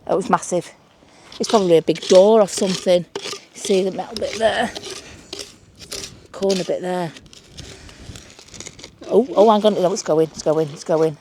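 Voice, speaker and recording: A woman's voice: on the low side, moderate pace, pauses often, background noise. A woman on a beach chatting casually and exclaiming over her finds as she searches the shore. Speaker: mudlarking vlogger. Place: outdoors on a beach.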